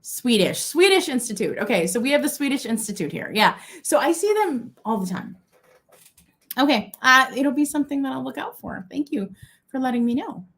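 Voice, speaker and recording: A young woman from Minnesota runs a casual live-stream sale of vintage goods. She chats warmly and gushes over each piece, with lots of "um" and "like" and quick asides, and her voice sits a little high. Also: lively intonation. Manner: chatty and gushing, with many fillers and asides. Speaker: live auction seller.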